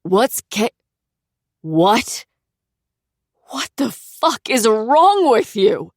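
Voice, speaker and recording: A woman voicing a panicked young man who is crying, shrieking and swearing in a shrill voice, in an audiobook. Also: big pitch swings, extremely slow, no room sound, studio quality, heavily acted. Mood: hysterical, furious. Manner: shrieking, swearing, on the edge of tears.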